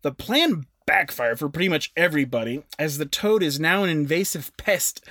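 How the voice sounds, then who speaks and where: A man's voice: on the high side, lively intonation, moderate pace, sharp tone, no echo, studio quality. A young adult man co-hosting a podcast in casual chat, presenting facts with jokey asides. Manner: chatty, jokey, with self-aware asides. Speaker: podcast co-host.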